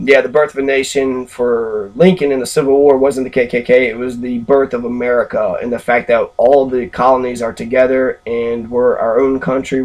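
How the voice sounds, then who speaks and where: Flat-voiced man ranting with curses. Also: medium pitch. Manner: angry, heavily profane, with filler ums. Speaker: history commentator. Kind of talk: profane ranting commentary.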